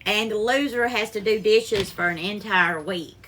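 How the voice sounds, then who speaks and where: A woman's voice: medium pitch, normal speed, a bit bright, a little hiss or hum. A woman hosting a live-stream cooking show from her kitchen, greeting viewers by name and calling them darling.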